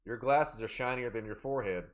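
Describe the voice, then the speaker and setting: A man's voice: medium pitch, fairly quick. A man streaming a game live, joking around and chatting with his viewers in a playful, teasing way. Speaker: livestreaming gamer. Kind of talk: casual live-stream chat.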